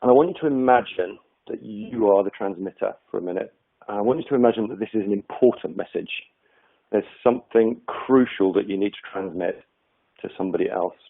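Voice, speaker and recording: A man leads a webinar on communication, speaking in a relaxed, conversational way with plenty of hesitations and restarts. His voice sits fairly low. The sound is tinny and narrow, like a phone line. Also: brisk, creaky, breathy edge. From United Kingdom. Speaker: trainer presenting a webinar. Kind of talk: webinar presentation.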